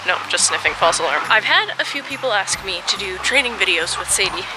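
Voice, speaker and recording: A woman's voice: mid-range voice, expressive, fairly quick, very noisy. A woman chatting casually in a vlog while walking her dogs outdoors at a dog park, a little out of breath, recording on a handheld camera. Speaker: vlogger.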